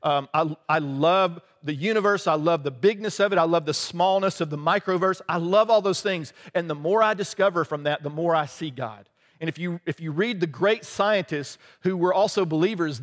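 A man with a rather high voice preaches in a loose, chatty way, often tossing out "right?" and chuckling between points. The sound carries the long reverb of a large hall. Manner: conversational, laughing asides, frequent "right?". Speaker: pastor. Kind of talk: sermon.

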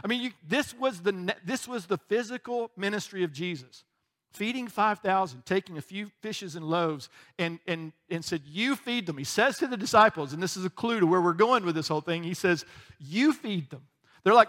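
A male pastor preaching a conversational sermon, joking and acting out quick voices, often checking in with "right?". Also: high-pitched, lively intonation, fairly bright tone.

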